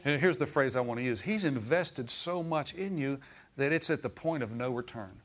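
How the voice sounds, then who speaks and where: A middle-aged man preaching a sermon in church, folksy and animated, chuckling often and calling out for amens. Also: medium pitch, normal speed.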